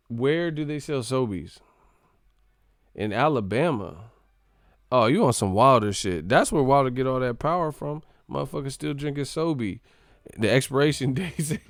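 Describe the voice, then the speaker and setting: A man's voice: mid-range voice, normal speed, dry recording, clean studio sound. A man from California hosting a casual live stream, joking, swearing and laughing a lot as he reacts to his chat. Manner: joking, laughing often, profane, mimics voices.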